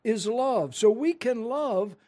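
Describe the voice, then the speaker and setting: A man's voice: very high voice, lively intonation, takes it slowly, dark tone. A man preaching a sermon, earnestly and emphatically explaining a scripture passage to his congregation. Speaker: pastor.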